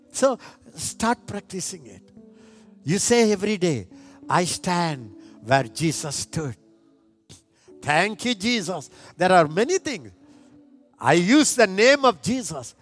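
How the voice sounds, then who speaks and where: Impassioned high-voiced male preacher. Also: sing-song, takes it slowly, pauses often, faint music behind. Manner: impassioned, swinging from hushed to loud. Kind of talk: sermon.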